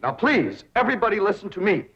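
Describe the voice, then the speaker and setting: A man's voice: high voice, very animated, fast talker, lo-fi sound. An actor playing a pompous, theatrical young rich man who talks in a grandiose, affected, overenunciated way, on a hissy 1960s TV soundtrack. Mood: lecturing.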